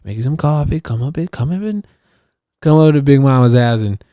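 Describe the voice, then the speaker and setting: A man voicing a warm, motherly neighbor woman. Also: mid-range voice, animated, a little fast, dry recording, studio quality, pitched above the performer's own voice, lightly acted. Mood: coaxing. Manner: coaxing, calls him baby and honey.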